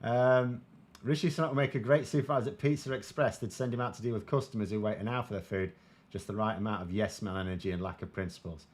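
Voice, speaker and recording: A man's voice: on the low side, fairly even intonation, fast talker. A British man giving casual political commentary and answering viewer comments in a wry, sardonic, conversational way. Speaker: political commentator, show host.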